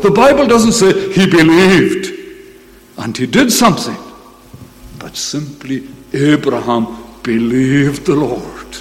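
A man preaching a sermon, emphatic, swelling to loud bursts when he quotes scripture. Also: mid-range voice, very animated, slow. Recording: long reverb, faint hum.

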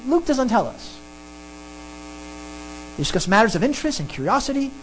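Animated preacher with lively pitch swings. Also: moderate pace, a little hiss or hum, rough recording. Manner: animated, emphatic preaching with sudden pitch jumps. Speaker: pastor. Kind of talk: sermon teaching through a Bible passage.

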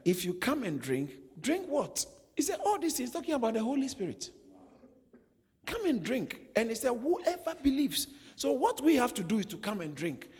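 Man preaching, high lively voice, husky, long hall reverb. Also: moderate pace. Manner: animated, rhetorical questions, laughs at own jokes. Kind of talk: sermon.

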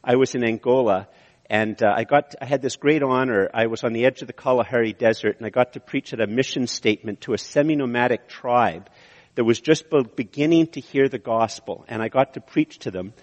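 A man from Canada preaching a sermon, animated, with emphatic rises and frequent restarts. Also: medium pitch, brisk. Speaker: pastor. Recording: reverberant hall from a distance.

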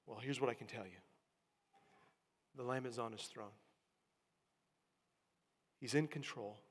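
A man preaching a sermon, swinging from hushed tones to loud emphatic calls. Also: mid-range voice, a little slow, husky, in a large hall.

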